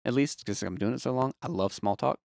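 A man who works as a production manager, talking candidly in a casual interview and telling animated stories with some casual swearing. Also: medium pitch, a little fast, creaky, dry recording. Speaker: production manager at a music venue.

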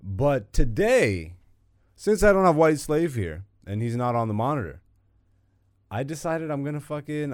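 A man's voice: medium pitch, darkish tone, no echo, studio quality. A man in his thirties hosting a podcast, chatting casually and loosely while gaming, self-mocking and laughing often. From Canada. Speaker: podcast host. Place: home room with a gaming setup.

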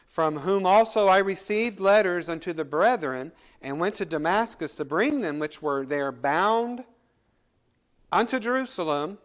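A man's voice: high voice, a bit bright. A man preaching a sermon as pastor, reading scripture aloud and explaining it with rising and falling emphasis.

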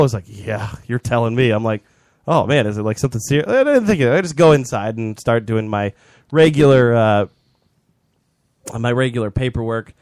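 A man's voice: mid-range voice, no echo. A young man co-hosting a podcast, casually rambling through a story with lots of animation. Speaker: podcast co-host. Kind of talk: casual chat.

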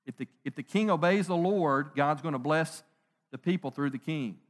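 Middle-aged male pastor, lively conversational sermon, fairly high voice, playful rhetorical questions. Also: moderate pace. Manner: animated, conversational preaching with jokes and rhetorical questions.

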